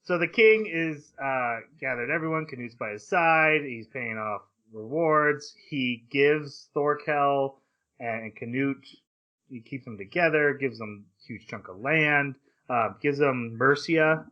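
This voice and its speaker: A man hosting a casual anime discussion podcast, retelling scenes with lively voice switches. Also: mid-range voice, muffled recording. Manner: animated retelling with quick voice switches. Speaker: podcast host.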